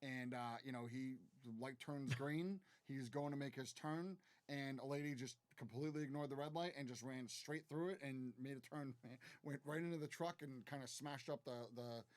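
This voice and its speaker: A man's voice: mid-range voice, normal speed, hardly any pauses, dry recording. A man co-hosting a casual live stream, chiming in with detailed explanations of company incidents.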